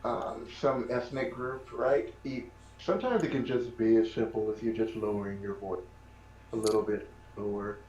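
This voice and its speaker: A man's voice: fairly low pitch, moderate pace, a little mellow. A man running a tabletop game, chatting casually and rambling with lots of fillers after the session. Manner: rambling, filler-heavy, easygoing. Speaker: game master. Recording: echoey room with faint noise.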